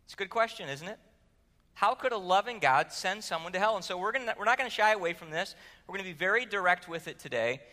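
A man's voice: sits high, animated, fast, pushed and bright. A man preaching a sermon in a conversational way, asking the room questions and telling stories. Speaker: pastor. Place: church sanctuary. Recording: long hall reverb.

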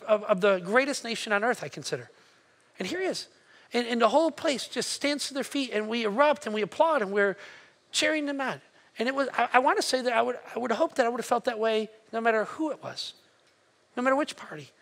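A man's voice: sits high, fairly bright tone. A male pastor, telling a story in a sermon and acting out his own reactions. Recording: long hall reverb.

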